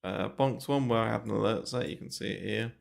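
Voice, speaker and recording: A man's voice: lowish voice, a little fast, gravelly. A man giving casual, rambling market commentary on a livestream, full of fillers and casual swearing, speaking into a close desk mic in a small bare room. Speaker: crypto trading streamer. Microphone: desk mic moved close to mouth.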